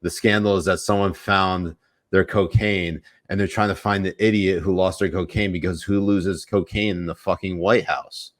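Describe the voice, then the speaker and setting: A young man with a very low voice co-hosts a political podcast. He mocks and jokes with a sarcastic, profane edge. The sound is close and dry, with no room in it. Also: fairly even intonation, moderate pace, no room sound. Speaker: podcast co-host.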